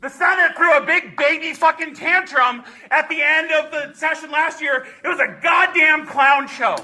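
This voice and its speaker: A woman protester shouting profanely and defiantly at lawmakers in a legislative committee room. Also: sits high, moderate pace, reverberant, rough recording.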